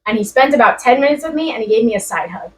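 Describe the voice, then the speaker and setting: A woman's voice: a little high, animated, fast, echoey room, far from the mic, a little hiss or hum, low-quality recording. A young woman in a class, telling a personal story in a chatty way with many fillers and laughs. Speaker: student sharing a story.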